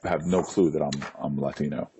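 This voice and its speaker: A man hosting a casual interview, speaking in a relaxed, hesitant way with many fillers. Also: a bass voice, a little fast, slightly rough. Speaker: interview host.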